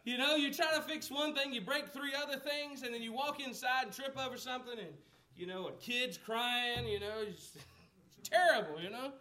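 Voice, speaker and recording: A man's voice: very high-pitched, moderate pace, pushed and bright. A man preaching a sermon as a pastor, talking conversationally, asking the congregation questions and acting out the lines of the people in the story.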